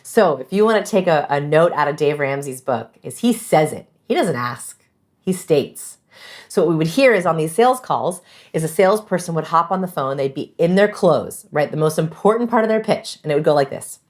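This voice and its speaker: A woman guest giving animated, emphatic interview answers about communication, acting out example phrases. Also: low-pitched, a little fast.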